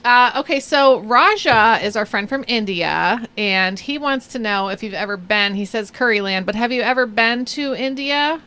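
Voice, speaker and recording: A woman's voice: fairly high pitch, moderate pace, few pauses, pushed and bright, smooth. A woman co-hosting a live stream chat, speaking in a friendly, encouraging way and laughing often. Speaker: co-host.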